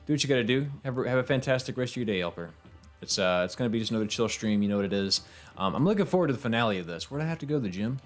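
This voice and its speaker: A man's voice: medium pitch, lively intonation, rapid-fire, faint music behind. A tired man streaming a game. He chats casually in a rambling, easygoing way, laughs often, and fills his talk with fillers. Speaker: game streamer and voiceover actor. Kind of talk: casual live-stream chat.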